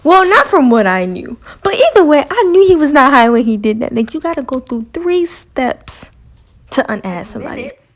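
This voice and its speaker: A young woman vlogger telling a story in a casual, animated way and acting out quotes. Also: sits high, normal speed. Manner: animated retelling with acted quotes, African American English grammar.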